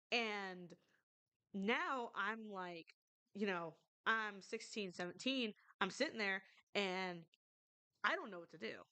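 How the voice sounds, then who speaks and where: A woman's voice: mid-range voice, lively intonation, unhurried, pushed and bright. Rambling young woman telling a story. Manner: rambling, filler-heavy, swears freely. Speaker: streamer. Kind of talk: casual storytelling.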